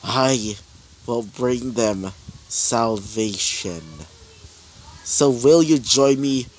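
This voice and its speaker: A man voicing a vengeful young woman villain, cold and menacing, speaking slowly in drawn-out threats. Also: mid-range voice, a little hiss or hum. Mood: solemn persuasion.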